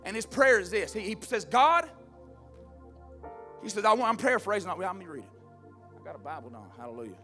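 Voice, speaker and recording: High, bright-voiced preacher. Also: male voice, lively intonation, a little fast, pauses often, soft background music. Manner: fervent storytelling preacher, swells to shouting. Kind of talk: sermon.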